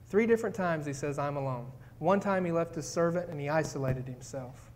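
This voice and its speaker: Pastor, male, higher voice, preaching with dramatic readings and fervent emphasis. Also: animated, a little fast, few pauses, a little mellow. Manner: reads scripture, acts out pleas, builds to fervent emphasis. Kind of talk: sermon.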